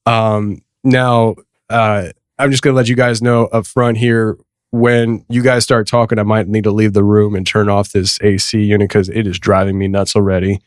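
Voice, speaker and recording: A man's voice: fairly low pitch, level tone, moderate pace, clear, resonant tone, dry recording. A man hosting a casual podcast in a studio, rambling and joking at himself as he talks with guests. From East Tennessee. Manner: rambling, self-mocking, laughs often. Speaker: podcast host.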